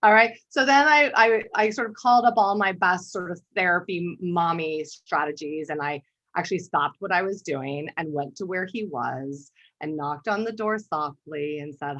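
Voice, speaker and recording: Woman presenter, lowish voice, dull webinar audio. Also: normal speed, fairly bright tone. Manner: conversational, often clears her throat. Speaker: art therapist and workshop presenter. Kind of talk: conversational webinar talk with storytelling.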